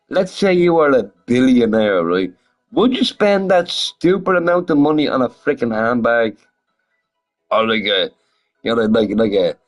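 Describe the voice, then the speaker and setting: Casual male streamer, profane and chuckling, very animated pitch. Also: poor audio. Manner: profane, laughing often, animated rhetorical questions. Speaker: gaming streamer chatting with viewers. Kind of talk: casual rambling chat.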